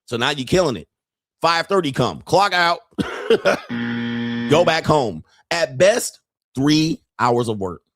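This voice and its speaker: A man's voice: medium pitch, expressive, takes it slowly, long pauses, a bit bright, no echo. Brash ranting man, very dry sound. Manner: brash, ranting, laughs often, mimics people. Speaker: podcast host. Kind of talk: profane livestream monologue.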